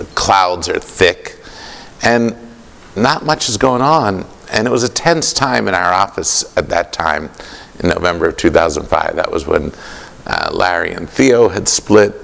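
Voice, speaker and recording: Gravelly-voiced man telling a story in a hall. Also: low-pitched. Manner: vivid anecdotal storytelling with pauses. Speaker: keynote speaker. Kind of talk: storytelling keynote speech. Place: conference hall. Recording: long hall reverb.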